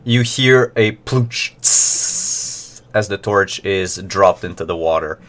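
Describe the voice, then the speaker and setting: Sex: man. Role: game master. Style: tabletop narration. Pitch: low. Pace: very slow and deliberate. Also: background noise.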